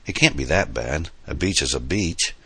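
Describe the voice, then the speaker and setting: An upbeat, joking young man out on a date, read by a man with a very deep voice in an audiobook. The tone is bright and forceful. The recording is dry and close. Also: animated, normal speed, gravelly, breathy edge, no echo, heavily acted.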